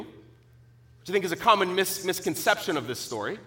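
A middle-aged man preaching a sermon, earnest and emphatic, teaching with pauses and restarts. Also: high voice, wildly swooping pitch, pushed and bright. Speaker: pastor.

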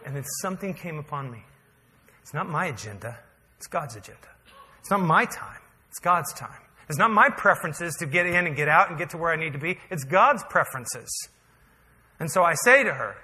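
A man's voice: high-pitched, big pitch swings, fairly quick, sharp tone. A man preaching a sermon as pastor, telling a story in a conversational, humorous way that builds to emphatic peaks. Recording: hall reverb.

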